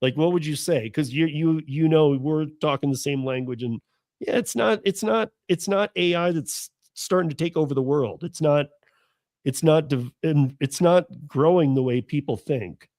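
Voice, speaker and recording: A man's voice: a little high, normal speed, no room sound, studio quality. A man hosting a podcast, chatting animatedly and jokingly, with frequent restarts. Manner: animated, joking, full of restarts and mock voices. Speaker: host. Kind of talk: casual podcast conversation.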